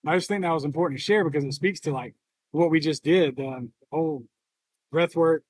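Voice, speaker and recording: A man co-hosting a podcast who talks in a reflective, halting way and is emotional and near tears. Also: a little high, slight background noise, low-quality recording. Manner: reflective, halting, open about feelings. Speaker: podcast co-host. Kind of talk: casual podcast conversation.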